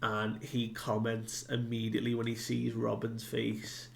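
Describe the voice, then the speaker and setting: Gravelly, slow-talking man recapping. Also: medium pitch, monotone, a little hiss or hum. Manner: loose retelling with many fillers. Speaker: manga reviewer. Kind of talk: casual chapter recap.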